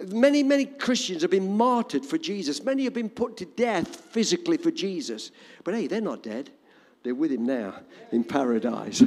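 A man preaching a sermon to a congregation, dramatic and animated. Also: a little high, big-room sound. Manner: animated, dramatic, shouting quoted lines.

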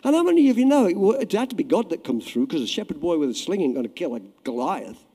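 Brief: fervent male preacher, dark mellow tone, lively rising and falling delivery, long church reverb. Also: sits high, fast. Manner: impassioned, swings from shouting to hushed prayer. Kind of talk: sermon. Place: church hall. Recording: echoey hall.

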